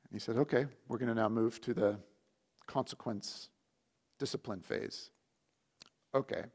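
A male pastor with a mid-range voice delivers a sermon through an animated personal story. His loudness rises and falls as the tale builds. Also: mid-range voice, measured pace. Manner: animated storytelling with lively shifts in volume.

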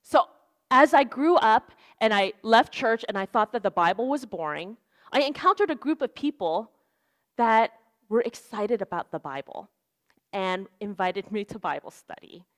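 A woman's voice: mid-range voice, sing-song, moderate pace. A young woman preaching a sermon in an earnest, conversational way, with lots of "like" and "right?". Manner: casual, earnest, fillers like "like" and "right?".

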